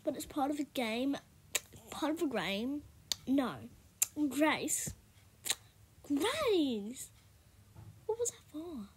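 High-pitched chatty young woman. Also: takes it slowly, a little hiss or hum. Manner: chatty, rambling, with bursts of loud excitement. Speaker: gaming video creator. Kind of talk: casual gameplay commentary.

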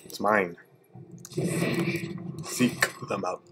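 A man's voice: medium pitch, animated, slow. A man streaming a video game live, complaining and swearing in casual commentary. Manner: exasperated, profane trash talk. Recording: noisy stream audio with clicks.

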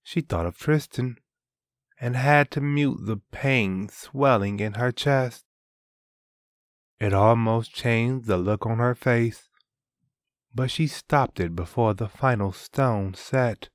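A man reading a fantasy story aloud as narrator, in a measured, even way. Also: mid-range voice, no room sound, clean studio sound. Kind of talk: audiobook narration.

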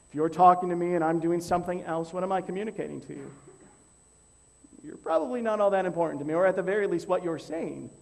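A man preaching as a pastor, teaching in a measured, emphatic way and counting off numbered points. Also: on the high side, vocal fry, a little mellow. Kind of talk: teaching sermon.

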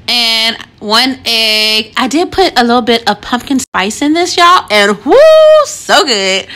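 A young woman talking casually to her viewers in a vlog, chatty and quick to laugh, calling them y'all. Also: on the high side, sharp tone. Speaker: vlogger.

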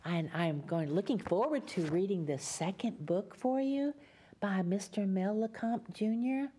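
A woman's voice: mid-range voice, a little slow, mellow, husky. A woman from Louisiana with a Louisiana accent, reading a story aloud to young children in a sing-song, coaxing way.

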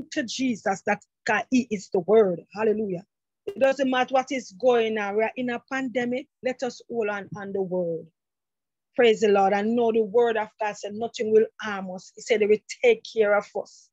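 Middle-aged woman, fervent church exhortation, higher breathy voice, dull muffled sound. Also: normal speed, darkish tone, no room sound. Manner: fervent, repeats "praise the Lord" and "brethren". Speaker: church member giving a testimony. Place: church sanctuary.

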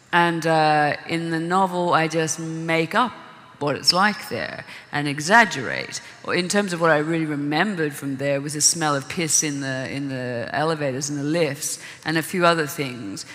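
Low-voiced woman novelist, bright and roomy. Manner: thinking aloud with restarts, laughs readily. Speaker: novelist on a festival panel. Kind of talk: casual panel discussion. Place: conference hall. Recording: reverberant hall.

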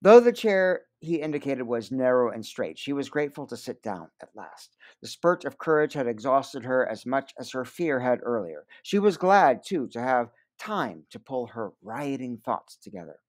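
Expressive man reading a novel aloud. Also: mid-range voice, normal speed, hardly any pauses. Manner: expressive, varied delivery. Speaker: audiobook reader. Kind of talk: storybook read-aloud narration.

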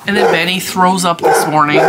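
The recording is very noisy as this worn-out crochet host, a middle-aged woman at home, talks casually to camera, rambling with many restarts. She sounds exhausted and teary, her voice on the low side with fairly even intonation at normal speed.

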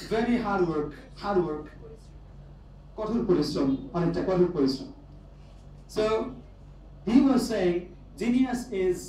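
A man's voice: high-pitched, warm tone. A man from Bangladesh with a Bangladeshi accent, giving a motivational speech to students and repeating his key phrases for emphasis. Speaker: guest speaker addressing students. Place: large echoey university hall. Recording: echoey hall, distant mic, faint background noise.

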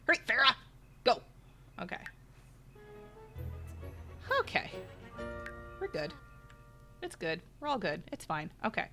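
A woman's voice: on the high side, big pitch swings, slow, long pauses, bright, forceful tone. A middle-aged woman giving chatty let's play commentary, talking to her viewers and exclaiming at the game. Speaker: gaming channel host. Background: faint game music.

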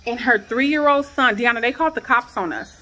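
A woman in her thirties telling an upset personal story in a vlog from her garage, her voice rising into pained, near-shouted questions. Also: a little high, a little fast. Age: 30s. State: shaken. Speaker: vlogger.

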